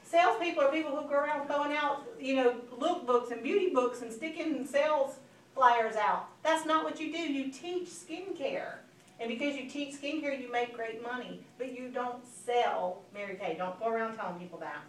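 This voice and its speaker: A woman, giving an animated motivational sales training talk to a live audience and acting out phone calls. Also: high voice, normal speed. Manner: animated, acts out phone calls, addresses listeners as girl. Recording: echoey room, from a distance, faint background noise.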